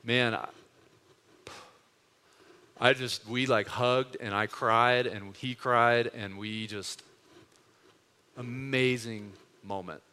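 A male pastor preaching a storytelling sermon in an earnest, conversational way, dropping to hushed tones and rising again. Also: medium pitch, steady tone, slow, pauses often, clear, resonant tone, big-room sound. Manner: earnest, conversational, swings between loud and hushed.

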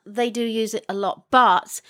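A woman's voice: a little high, fairly even intonation, normal speed, sharp tone. A British woman co-hosting a podcast, chatting casually, hesitant with many ums and restarts, dry and wry. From Britain. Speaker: podcast co-host. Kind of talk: casual chat. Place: in Canada.

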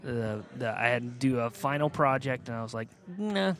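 A man in casual chat, agreeable and halting with many fillers. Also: medium pitch, steady tone, a bit bright.

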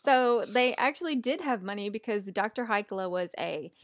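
A woman's voice: medium pitch, expressive, normal speed, dry recording, studio quality. A woman co-hosting a podcast in casual chat, giggly and playful as she tells a story. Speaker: podcast co-host.

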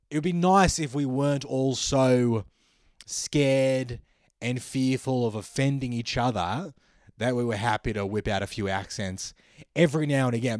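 An Australian man in the middle of a comedic podcast monologue, thinking aloud in a wry, musing way and often restarting his sentences. His voice sits at an ordinary pitch for a man. The sound is dry and close, with no room echo. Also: a little mellow. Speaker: comedian host.

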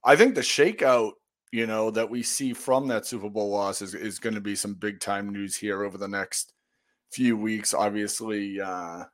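With a fairly low, fairly even voice at a moderate pace, this podcast co-host keeps the chat casual. His thoughtful, meandering talk is full of fillers and restarts.

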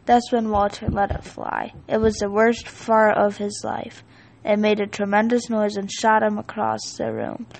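A woman reading a children's picture book aloud, with a steady, expressive storytelling delivery. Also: mid-range voice, unhurried, vocal fry, low-quality recording.

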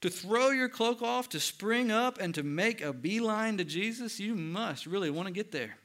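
A man preaching a sermon, swinging between loud emphatic lines and hushed, quiet ones. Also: high-pitched, lively intonation, normal speed. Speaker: pastor.

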